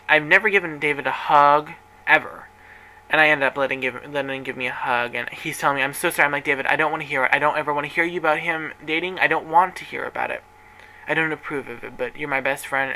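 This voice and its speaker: A man's voice: on the high side, pushed and bright, rough recording. A man who manages a workplace, telling a personal story vlog-style. He rambles, gets emotional and acts out what everyone said. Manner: rambling, emotional retelling with acted-out quotes.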